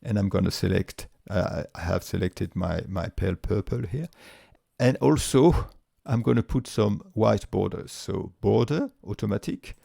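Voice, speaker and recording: A man with a voice walking through a spreadsheet tutorial step by step, relaxed, with frequent fillers and restarts. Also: lowish voice, unhurried, gravelly, dry recording. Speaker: tutorial presenter. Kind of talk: screen-recorded software tutorial.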